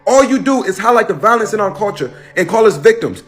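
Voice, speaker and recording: A man from the United States lectures his viewers in a high, urgent voice, repeating points and throwing out rhetorical questions. Faint music plays beneath his preachy rant. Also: animated, fast, few pauses. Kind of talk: heated social media rant.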